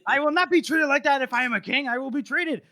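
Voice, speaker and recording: A man voicing a young, drunk and petulant king who makes shrill, indignant outbursts. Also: normal speed, pushed and bright, smooth, dry recording, clean studio sound.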